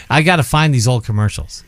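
A man's voice: mid-range voice, fairly bright tone, no room sound. A man hosting a radio show, bantering in a playful, hammy showman style.

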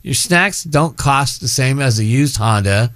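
A man's voice: mid-range voice, expressive, unhurried, a bit bright, dry recording. A middle-aged man hosting a casual chat show, rambling and often breaking off mid-sentence. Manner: rambling, self-interrupting, chatty. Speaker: show host.

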